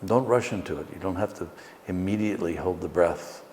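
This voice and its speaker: Deep-voiced man guiding a slow meditation. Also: big-room sound, slight background noise. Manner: slow, gentle, soothing guidance. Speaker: meditation teacher. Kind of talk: guided meditation.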